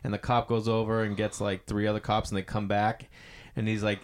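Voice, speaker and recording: A man in his forties, a comedian chatting casually and telling animated stories, acting out quoted people. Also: fairly low pitch, a little fast, slight background noise. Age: 40s. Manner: chatty storyteller, acts out quoted voices. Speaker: comedian podcast host. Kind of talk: casual chat.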